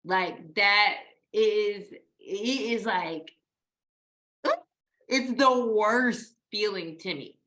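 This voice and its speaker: A woman's voice: mid-range voice, drawn-out words, sharp tone. A woman co-hosting a podcast in casual spiritual chat, emphatic and blunt, swearing casually. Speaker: podcast co-host.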